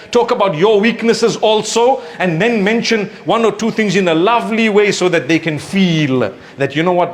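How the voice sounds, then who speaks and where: An Islamic preacher with a fairly high voice gives a relaxed, conversational sermon full of gentle advice. He is animated, acting out the people in his stories, and recites scripture in a melodic chant.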